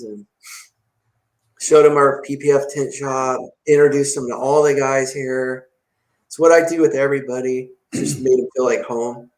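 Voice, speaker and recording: A man who runs a detailing shop, telling stories in casual podcast talk and acting out the dialogue. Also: medium pitch. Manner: animated, acts out dialogue in story. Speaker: detailing shop owner, guest. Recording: roomy echo.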